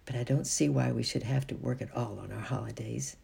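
A storyteller voicing Ruth, an eager nine-year-old girl plotting how to slip away, in a husky, gravelly voice. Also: medium pitch, steady tone, fairly quick, warm tone, full character voice. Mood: scheming.

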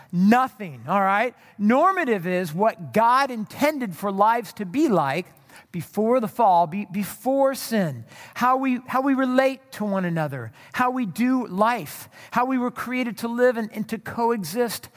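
High-voiced man preaching in a reverberant hall. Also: a bit bright. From Southern California. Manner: storytelling, conversational, many fillers and restarts. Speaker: pastor. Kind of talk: sermon.

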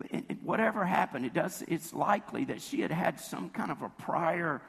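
Hoarse, gravelly male preacher in a reverberant hall. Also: normal speed, hardly any pauses, a bit bright. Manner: conversational storytelling, acts out quotes with jumps in pitch. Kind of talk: sermon.

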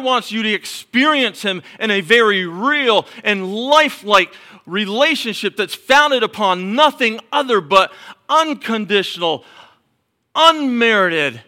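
Middle-aged male pastor, high and bright, preaching in repeated emphatic lines that fall to hushed tones. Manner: emphatic repetition, drops to soft murmurs. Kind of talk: sermon.

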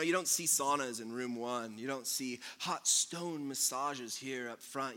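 A man preaching a sermon as pastor, mixing loud jokes with quiet, earnest passages. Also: high-pitched.

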